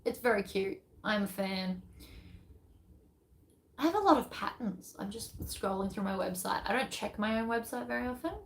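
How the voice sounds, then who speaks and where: A woman's voice: mid-range voice, moderate pace, gravelly, poor audio. A woman, a pattern designer chatting casually and rambling as she thinks aloud during a live stream.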